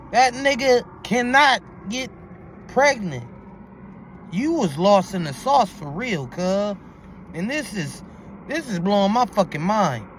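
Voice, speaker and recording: A man's voice: high voice, slight background noise. A man hosting a reaction video, talking in incredulous, profane street slang. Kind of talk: reaction commentary.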